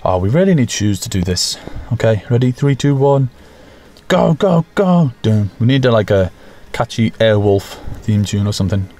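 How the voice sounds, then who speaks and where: A man hosting a gaming channel, giving casual, jokey, self-mocking commentary over his play with sudden excited bursts. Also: lowish voice, normal speed, few pauses.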